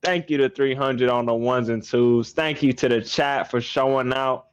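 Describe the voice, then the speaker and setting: A man's voice: medium pitch, steady tone, normal speed, clean tone, no echo, dull audio. A man hosting an esports podcast in casual chat, teasing the guests and laughing through his stories. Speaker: podcast host.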